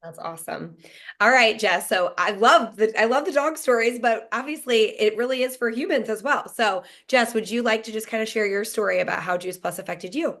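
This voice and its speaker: A woman's voice: fairly high pitch, a little fast, fairly bright tone. A woman hosting a casual group talk, encouraging and handing turns to the guests. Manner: upbeat, encouraging, leads the turns. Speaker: host of the call.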